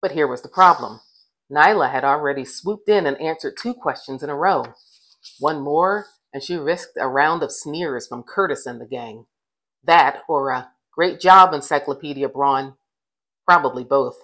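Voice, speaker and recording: A woman's voice: low voice, normal speed, rough recording. Woman reading a children's story aloud. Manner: gentle, expressive reading with voiced dialogue. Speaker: author reading her own novel. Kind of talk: storybook narration.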